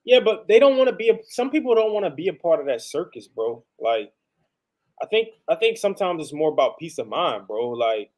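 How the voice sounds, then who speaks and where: A man's voice: fairly high pitch, very animated, fairly quick, a little mellow. A man on a sports podcast, talking casually with slang and pushing back with questions.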